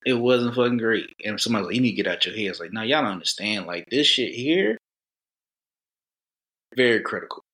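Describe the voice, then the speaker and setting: A man's voice: on the low side, expressive, fast, long pauses, bright, forceful tone. A man who is a comedian, chatting casually in slang and acting out what people said to him. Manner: loose, slangy storytelling with voiced asides. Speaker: comedian guest. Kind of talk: casual chat.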